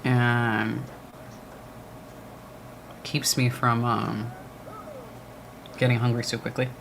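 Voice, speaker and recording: A man's voice: medium pitch, flat delivery, drawn-out words, gravelly, fairly bright tone, a little hiss or hum. A man co-hosting a livestream watch party, chatting casually and answering viewer comments. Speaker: livestream co-host. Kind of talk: casual chat with live chat.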